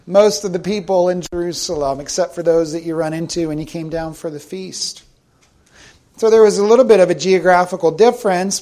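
A middle-aged man from South Carolina, preaching a sermon in a conversational storytelling way and slowing down for emphasis. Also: high voice, a little mellow. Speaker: pastor.

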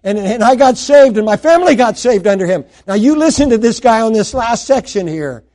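A middle-aged man preaching a sermon, swinging between loud emphatic lines and hushed asides. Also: extremely high pitch, expressive, fairly quick.

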